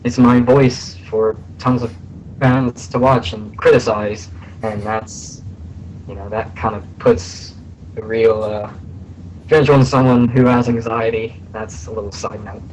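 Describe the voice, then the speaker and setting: A young man being interviewed about voice acting, talking in a halting way with many fillers, a little hoarse from being sick. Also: medium pitch, fairly even intonation, a little mellow, muffled recording, slight background noise. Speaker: voice actor guest. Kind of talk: casual interview on a voice call. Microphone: voice call.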